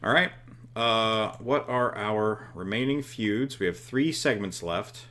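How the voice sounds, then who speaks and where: Co-hosting a laid-back booking game session, this man speaks slowly in a fairly low voice that sounds pushed and bright. He muses aloud with plenty of fillers and jokes.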